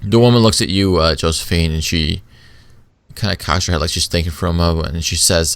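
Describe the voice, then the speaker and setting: A man's voice: deep voice, steady tone, fairly quick, smooth, dry recording. A man narrating as game master in a casual way, with many fillers.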